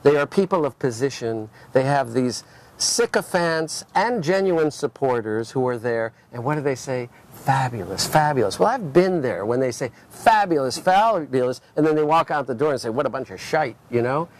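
An older man, a gallery owner, talking over lunch in a casual conversation, full of animated stories and frequent restarts. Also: mid-range voice, normal speed.

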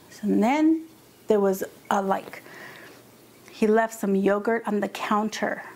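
A woman's voice: a little high, measured pace, long pauses, darkish tone. A woman hosting a home vlog, telling a story in a mock-upset, dramatic way and acting out the other people's lines, on a lapel mic. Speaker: vlog host. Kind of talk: casual chat to camera. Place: home kitchen.

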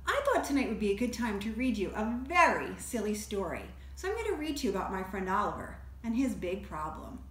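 A woman librarian reading a silly bedtime story aloud to children, playful and expressive, stretching out her words. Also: mid-range voice, a little fast, few pauses, husky.

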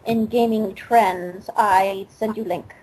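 A woman on a casual podcast, explaining a news item haltingly. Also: medium pitch, steady tone, noisy background.

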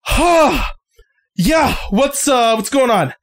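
A man voicing a dazed, scruffy young male housemate who halts and shouts up into the house. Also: very high voice, lively intonation, takes it slowly, pitched above the performer's own voice, full character voice.

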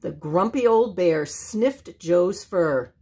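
An older woman reading a children's picture book aloud, slow and expressive. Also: lowish voice, slightly rough. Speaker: storyteller. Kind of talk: children's storybook read-aloud.

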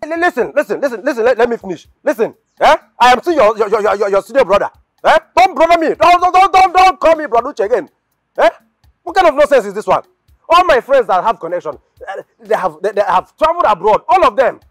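A man's voice: high voice, fast talker, no room sound. An actor with a Nigerian accent playing an impatient young man desperate to travel abroad, pleading and stammering. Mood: indignant. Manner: excitable, pleading, stammering repetitions. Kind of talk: film drama acting.

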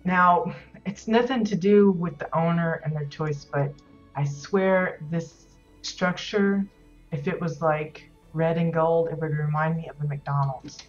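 Low-voiced woman, casual rambling commentary. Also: a little slow, dull audio, faint music behind. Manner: rambling, many ums and restarts. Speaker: host touring player houses in a game.

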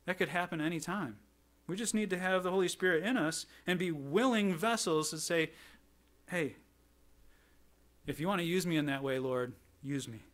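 The sermon comes from a middle-aged male pastor whose voice sits on the high side with a fairly bright tone. As a storyteller, he acts out what the people in his tales say.

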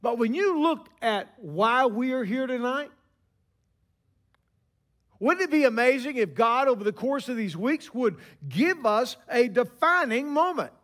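A man in his sixties preaching a sermon, telling stories with emphatic pauses. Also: extremely high pitch, animated, fairly bright tone.

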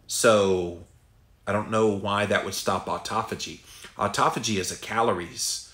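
A middle-aged podcast host with a Southern US drawl answers listener questions in a candid, folksy way, often pausing on "uh" and "um." His voice sits a little low. It is bright and pushed forward, and it echoes around a live room. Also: fairly even intonation. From Southern United States. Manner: folksy, candid, thinks aloud with fillers.

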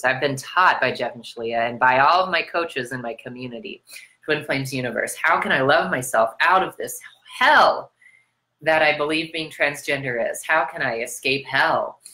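A woman's voice: normal speed, sharp tone. An American woman giving a motivational sermon on self-love, piling up rhetorical questions and swearing freely. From United States. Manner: preachy, repetitive rhetorical questions, swearing, big swings in pitch. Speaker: spiritual self-love coach.

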